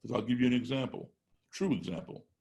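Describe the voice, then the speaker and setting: Gravelly man telling a story. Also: mid-range voice, quick pace, darkish tone. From United States. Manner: emphatic, builds points step by step, acts out classroom exchanges. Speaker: podcast guest. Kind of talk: conversational storytelling.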